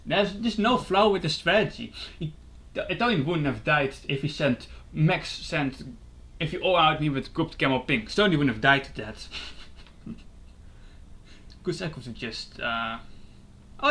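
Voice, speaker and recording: A man giving casual live commentary over his own gameplay, excitable and quick to swear and laugh at his plays. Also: on the high side. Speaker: gaming YouTuber.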